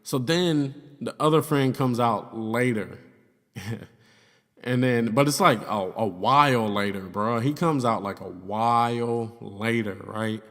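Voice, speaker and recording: A man's voice: mid-range voice, slow, fairly bright tone. A young man telling a story in casual vlog style, loose and profane, full of "like" and "you know what I'm saying". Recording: long reverb in the room.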